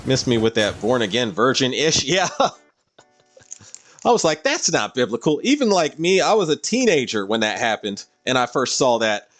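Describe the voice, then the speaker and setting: A man's voice: mid-range voice, big pitch swings, normal speed, a bit bright, soft background music. A man streaming a game and casually chatting through viewer comments in a rambling way. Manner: rambling, with frequent fillers and laughs. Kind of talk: casual livestream chat, reading viewer comments.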